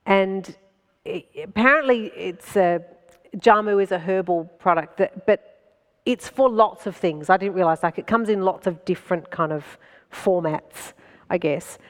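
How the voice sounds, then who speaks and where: A woman's voice: mid-range voice, unhurried, long reverb tail. A middle-aged woman telling self-mocking comic stories at a festival talk, often laughing through her lines. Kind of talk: comic storytelling to a live audience. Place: festival stage before an audience.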